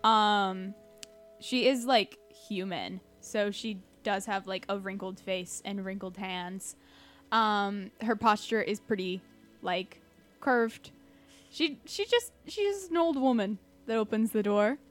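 A woman narrating a tabletop game as game master, relaxed and hesitant with many fillers. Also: medium pitch, slow, faint music behind.

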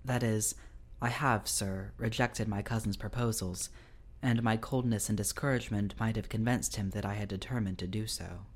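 A man's voice: fairly low pitch, steady tone, moderate pace, lightly acted. A man reading as a young noblewoman, formal and firm. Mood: defiant. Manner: hesitant then firm, formal. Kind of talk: reading a Victorian story aloud.

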